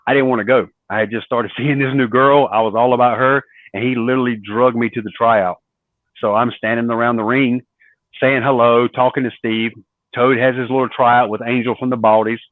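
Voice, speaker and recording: A man spins long stories in an interview and slips into the voices of the people he quotes. His voice sits at a middle pitch. The sound is tinny and dry, like a phone line. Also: fairly quick, no room sound. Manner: animated storyteller acting out quoted dialogue. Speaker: guest, former wrestler. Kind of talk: storytelling interview.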